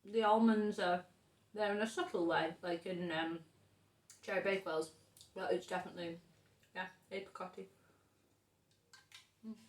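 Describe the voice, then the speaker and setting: A woman from the UK chatting casually at home, rambling and often dropping to a murmur. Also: medium pitch. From United Kingdom. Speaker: vlogger. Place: indoors at home. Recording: roomy, distant camera mic.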